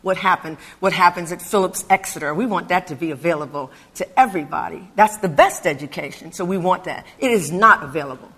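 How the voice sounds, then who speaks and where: An older woman from Philadelphia giving a public talk, telling her personal story in a conversational, animated way. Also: fairly low pitch, brisk, hardly any pauses, slightly rough. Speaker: speaker.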